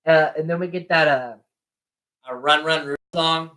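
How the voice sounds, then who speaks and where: A podcast co-host recapping a movie's plot in casual chat, acting out quick quotes along the way. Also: medium pitch, bright, forceful tone.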